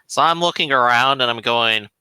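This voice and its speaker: A man's voice: mid-range voice, normal speed, bright, forceful tone, smooth, no echo. A man playing a tabletop role-playing game, speaking in character and joking at the table. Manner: jokey, slips into a tipsy Irish lilt in character. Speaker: player.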